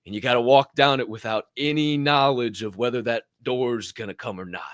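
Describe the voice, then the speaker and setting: A young man giving a motivational podcast monologue as co-host, animated and profane, jumping from loud outbursts to low muttered asides. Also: fairly quick, dry recording, clean studio sound.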